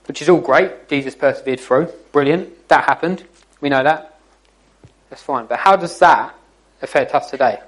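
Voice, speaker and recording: A man's voice: a little high, normal speed, low-quality recording. A man giving an informal, jokey church talk to young people, teasing his listeners as he goes. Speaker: youth speaker.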